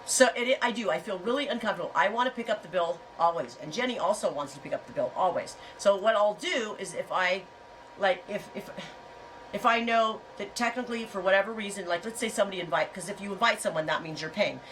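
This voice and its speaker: A woman's voice: medium pitch, quick pace, fairly bright tone, recorded from a distance, slight background noise, low-quality recording. A middle-aged woman hosting a casual livestream chat, talking in a frank, rambling way and telling stories with animation. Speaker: host.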